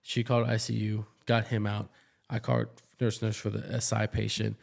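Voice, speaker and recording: A man's voice: on the low side, normal speed, vocal fry. A man in his thirties co-hosts a casual podcast and tells emergency-room stories. He acts out what other people said as he goes. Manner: animated, acts out quoted dialogue. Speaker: ER nurse, podcast co-host. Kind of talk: casual storytelling chat.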